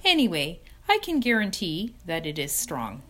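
A woman voicing a wise female spider in a storybook reading, speaking in a weak, tired, gentle voice that slips toward a whisper. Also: on the low side, wildly swooping pitch, moderate pace, full character voice. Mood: weary. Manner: gentle, quiet, slipping to a whisper.

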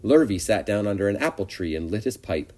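A man narrates a children's storybook with gentle expression and a lively, sing-song lilt. His voice sits fairly low and sounds warm and mellow. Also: fairly quick. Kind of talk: storybook read-aloud.

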